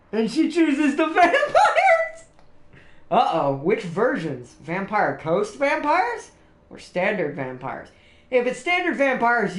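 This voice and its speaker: A man hosting a livestream, chatting casually and laughing often, rambling with restarts. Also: on the high side. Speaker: livestream host. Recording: roomy echo, faint music behind.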